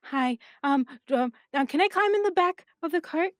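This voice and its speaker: A woman's voice: sits high, expressive, moderate pace, no room sound, studio quality, pitched above the performer's own voice. A woman voicing an eager young badger girl with a gap in her teeth, whose breath whistles as she talks. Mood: chatty.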